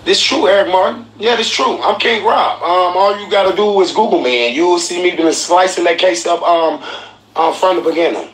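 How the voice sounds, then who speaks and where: A man hosting a podcast, telling a story in an animated, profane way and acting out the people he quotes. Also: high-pitched, moderate pace. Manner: excitable, profane, acts out quotes. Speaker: podcast host. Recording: roomy echoey room, faint noise.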